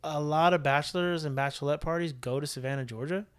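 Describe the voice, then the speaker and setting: A young man tells a wild story at a rapid clip, animated and loose with his swearing. His voice sits a little high for a man. It is casual chat between podcast co-hosts. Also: clean tone. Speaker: podcast co-host.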